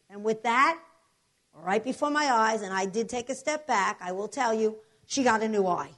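A woman preaching a sermon, telling healing testimonies with emphatic, animated storytelling and repeated declarations. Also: on the high side, moderate pace.

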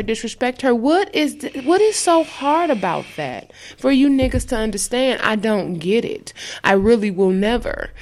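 A woman's voice: high-pitched, darkish tone. A woman co-hosting a podcast, ranting in a heated, profane and emphatic way. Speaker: podcast co-host. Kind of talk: ranting casual podcast talk.

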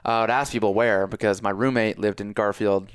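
A man's voice: on the low side, a little fast, clear, resonant tone, no echo, studio quality. A young man from Connecticut, a business coach, chatting casually and telling stories with playful exaggeration. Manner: animated storytelling, playful exaggeration. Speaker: business coach for personal trainers. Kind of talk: casual chat.

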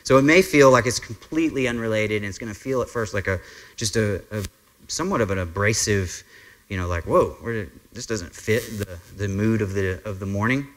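A male pastor preaches to his congregation in an earnest, conversational manner. His voice sits on the low side, and he talks loosely, with frequent ums and restarts. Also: brisk, a bit bright. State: briefly emotional. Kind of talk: sermon. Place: church sanctuary.

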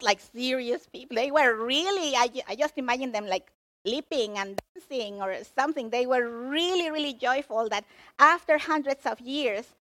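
Woman giving a sermon, high voice, takes her time, really emphatic. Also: no echo. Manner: emphatic, expressive storytelling. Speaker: preacher.

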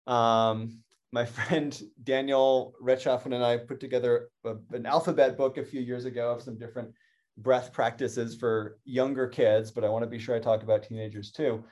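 A middle-aged man from North America giving a calm, earnest educational talk as a mindfulness teacher, often restarting his phrases. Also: mid-range voice, normal speed.

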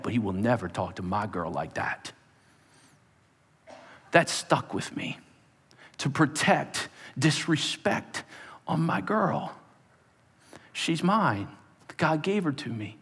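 A man's voice: a little high, fairly bright tone, husky. A man preaching a sermon, emphatic and speaking straight to the congregation. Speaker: pastor. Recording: long hall reverb.

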